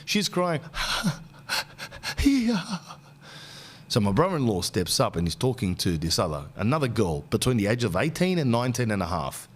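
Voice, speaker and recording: A man in his forties hosting a podcast, telling comic stories in an animated, slangy rant. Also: medium pitch, normal speed. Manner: ranting, animated anecdotes with slang. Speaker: podcast host. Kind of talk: comic storytelling.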